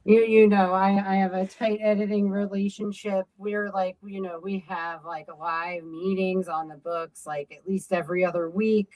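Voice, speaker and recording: A woman's voice: medium pitch, steady tone, moderate pace, hardly any pauses, a little mellow, poor audio. A woman being interviewed as a game designer, talking casually with many fillers and restarts.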